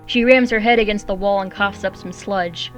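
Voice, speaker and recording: A woman narrating her own animal story in a steady, clear voice of middling pitch. Soft music plays quietly behind her. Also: normal speed.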